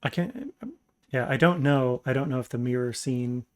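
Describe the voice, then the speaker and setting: A man hosting a podcast, relaxed and casual, laughing often and trailing off mid-thought. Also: mid-range voice, normal speed. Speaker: podcast host. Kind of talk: casual chat.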